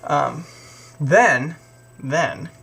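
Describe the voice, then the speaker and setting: A man's voice: on the high side, expressive, very slow, vocal fry, a bit bright, slightly rough. A young man casually retelling a story in a rambling, profane way. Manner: rambling, profane, lots of fillers. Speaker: video host.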